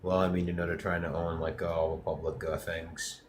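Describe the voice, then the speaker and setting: A man's voice: deep voice, flat delivery, a little fast, noisy background. A man calling into a live debate, trolling and hesitant, starting lines with stock fillers. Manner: hesitant, leans on "well, I mean" fillers. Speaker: caller.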